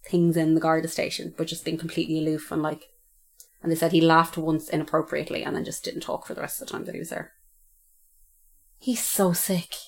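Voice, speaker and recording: A woman co-hosts a true-crime podcast in a relaxed, chatty way. Her voice sits slightly low, and she speaks bluntly, swears freely, and keeps acting out what people told her. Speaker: podcast co-host.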